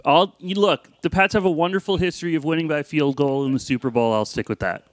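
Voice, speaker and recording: A man's voice: on the high side, fast talker, dry recording. Dry, understated podcast debater man. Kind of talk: casual podcast banter.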